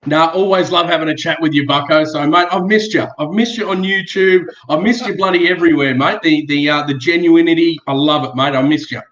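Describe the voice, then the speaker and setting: A friendly, matey Australian man chats as a guest on a livestream, his voice a touch high. He comes through a roomy, echoey line that sounds dull and lo-fi. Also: a little fast, hardly any pauses, a bit bright. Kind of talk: casual chat on a livestream.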